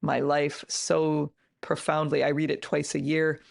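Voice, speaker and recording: A woman's voice: low voice, level tone, a little slow, gravelly, dry recording, studio quality. A middle-aged woman, an author and entrepreneur, speaking as a podcast guest in an emphatic, earnest way with many restarts. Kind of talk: casual interview conversation.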